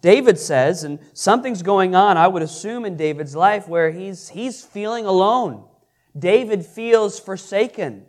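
A man leads a Bible study in a high, earnest voice. He pauses to put questions to the listeners and stumbles over repeated words. When he quotes scripture, his delivery swells with emphasis. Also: lively intonation, darkish tone. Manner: earnest, repeats and restarts, reads scripture aloud with rising emphasis. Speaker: pastor teaching a Bible class. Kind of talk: interactive sermon with questions to the audience.

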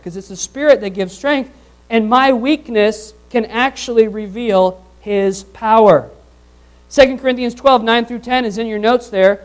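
Man preaching a sermon, conversational, asks questions, loud emphasis then quiet asides. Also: very high-pitched, normal speed, low-quality recording. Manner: conversational, asks the congregation questions and repeats phrases. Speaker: pastor.

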